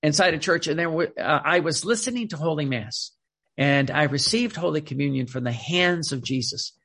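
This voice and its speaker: A man's voice: a little high, normal speed, a bit bright, breathy edge. A man giving an informal sermon with readings, speaking emphatically and often restarting and repeating words. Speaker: preacher reading from a spiritual book.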